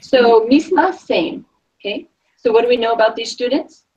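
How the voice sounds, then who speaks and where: A woman's voice: on the high side, normal speed, a little mellow. A woman teaching a Spanish class, explaining in a chatty way and checking in with the class with frequent "okay?". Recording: distant, dull lo-fi classroom recording.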